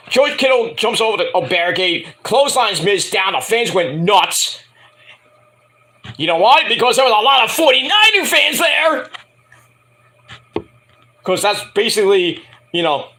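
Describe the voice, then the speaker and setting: A man casually ranting through a wrestling show review, animated and profane. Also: sits high. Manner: animated, profane, jumps into mocking impressions.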